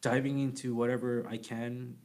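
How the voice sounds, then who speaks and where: A man's voice: medium pitch, flat delivery, normal speed, darkish tone. A man from Hawaii with a local Pidgin accent, a podcast guest chatting casually and rambling with repeated words. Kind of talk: casual chat.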